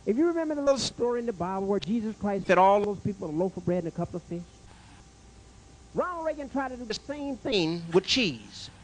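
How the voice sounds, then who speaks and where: A man doing a stand-up comedy set in a club, jokey and animated, stammering through restarts and bantering with the crowd and the waiter. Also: sits high, fast, slight background noise.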